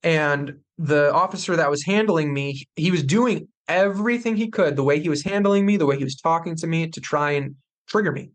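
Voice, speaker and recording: Intense storytelling man, fairly high voice. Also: moderate pace, few pauses. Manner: intense, animated retelling with acted quotes. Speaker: podcast guest. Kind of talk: personal storytelling.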